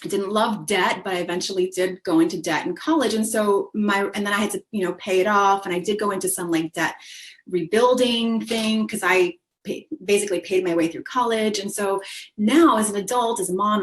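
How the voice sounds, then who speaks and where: A woman in her thirties, a business co-founder, telling a personal story in a casual panel talk, chatty and laughing often as she acts out quoted lines. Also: medium pitch.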